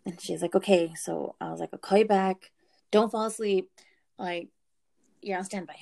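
A young woman casually telling a story, animated, swearing and laughing as she goes. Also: medium pitch, moderate pace, gravelly.

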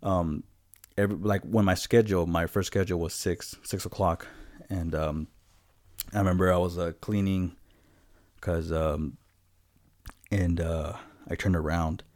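A man's voice: low-pitched, steady tone, measured pace, pauses often, darkish tone, no echo, clean studio sound. A man co-hosting a podcast, telling stories in a loose, profane, laid-back way. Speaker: podcast co-host. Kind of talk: casual storytelling.

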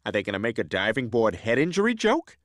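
A podcast host putting on a bumbling, loud middle-aged cartoon dad, brash and rapid like a mock announcer. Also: male voice, mid-range voice, big pitch swings, dry recording, clean studio sound, voice pushed up, lightly acted.

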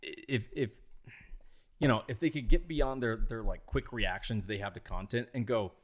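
A man's voice: on the low side, normal speed. A man telling a self-mocking story in a casual podcast chat. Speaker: podcast guest, gun content creator.

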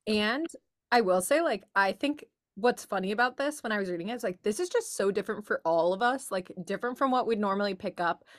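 A young woman co-hosting a relaxed book club chat. She speaks at an ordinary, middle pitch and winds through her thoughts with loose, filler-heavy phrasing. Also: brisk. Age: young adult. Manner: chatty, many "like" fillers, thinks aloud. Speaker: book club podcast co-host. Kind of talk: casual chat.

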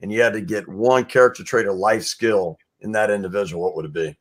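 A man hosting a podcast, asking questions in a relaxed, slangy way. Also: on the low side, fairly quick. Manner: relaxed, slangy, reacts with short interjections. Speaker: podcast host. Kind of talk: casual interview chat.

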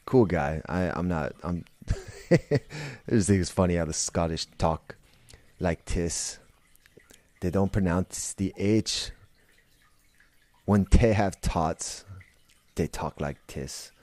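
A man's voice: deep voice, takes it slowly, pauses often, darkish tone, no room sound. A man hosting a podcast, talking in a blunt, profane, rambling monologue full of restarts. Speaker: podcast host. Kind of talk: casual monologue.

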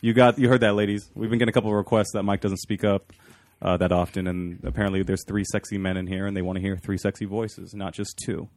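A man's voice: on the low side, steady tone, fast, a little mellow. A man hosting a podcast, chatting casually and teasing his co-hosts. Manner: teasing, jokey banter. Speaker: podcast host.

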